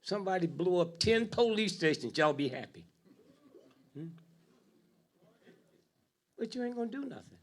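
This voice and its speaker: An older man giving a speech to a live audience in a preaching style, dropping to a low mutter and rising to loud outbursts, with a steady "huh?" and "hmm?" after his lines. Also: moderate pace, pauses often. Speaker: speaker addressing an audience.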